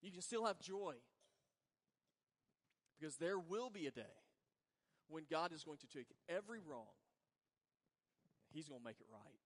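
A man pastor preaching a sermon in earnest, moving between soft, drawn-out words and emphatic lines. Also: a little high, lively intonation. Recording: long reverb of a large hall.

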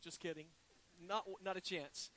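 A male pastor delivers a sermon with a high, bright voice. He talks in a folksy, conversational way, teasing the congregation with asides. His delivery swings from animated emphasis down to a near hush. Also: moderate pace, low-quality recording. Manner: animated preaching with sudden drops to a hush.

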